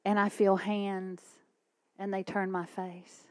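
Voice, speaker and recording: A woman, preaching her testimony in a dramatic storytelling way that often drops to hushed whispers. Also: medium pitch, level tone, measured pace.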